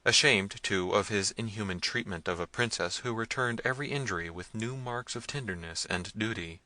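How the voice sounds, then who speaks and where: A man reading a gothic novel aloud in measured, scripted narration. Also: fairly low pitch, bright, forceful tone, no echo. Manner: measured storytelling. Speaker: audiobook narrator.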